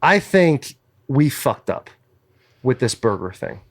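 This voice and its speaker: A man hosting a casual podcast, teasing and loud in animated group banter. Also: mid-range voice, takes it slowly. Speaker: podcast host.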